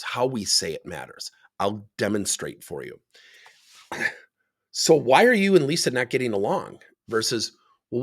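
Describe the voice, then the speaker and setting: A man's voice: on the low side, slightly rough. A man who coaches leaders, talking about coaching and telling workplace stories that he acts out as he goes. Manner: animated storyteller who acts out dialogue. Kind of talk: speaking to camera about coaching.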